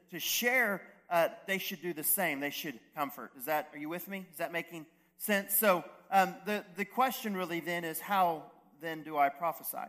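A man's voice: a little high, fairly bright tone. A man preaching a sermon as a pastor, conversational, with restarts and asides to the congregation.

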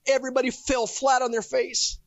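A man's voice: very high voice, level tone, a little fast, no room sound. A man preaching a sermon, telling his own stories with fervent emotion. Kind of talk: testimonial sermon. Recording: dull, dry lo-fi recording.

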